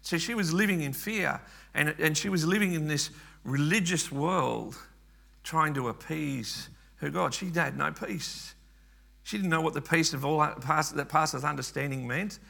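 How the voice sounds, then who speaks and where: Gravelly, bright-voiced male preacher. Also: fairly high pitch, moderate pace. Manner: earnest, repeats words and restarts often. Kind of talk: sermon.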